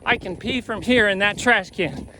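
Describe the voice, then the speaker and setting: A man's voice: high voice, normal speed, bright, forceful tone, slight background noise, heavily acted. A man voicing a wily old gambler in a told joke, folksy and bargaining. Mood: sly.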